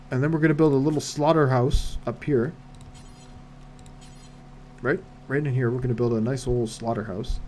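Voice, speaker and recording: A man's voice: medium pitch, mellow, slight background noise. A man streaming a game live, muttering to himself in casual commentary full of wry asides and rhetorical questions.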